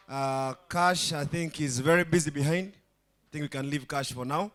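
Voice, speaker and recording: A man's voice: fairly high pitch, fairly even intonation, a little slow, a bit bright, clean tone. A man working as MC at a live comedy show, speaking casually and rallying the crowd to clap. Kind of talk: live event announcing.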